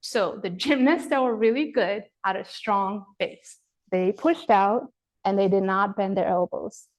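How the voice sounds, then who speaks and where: A woman in her forties from Romania, a yoga teacher giving a chatty, animated online workshop, demonstrating poses as she talks to viewers. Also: medium pitch, a little slow. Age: 40s. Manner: chatty, animated, addresses viewers as "you guys"; demonstrating poses while talking.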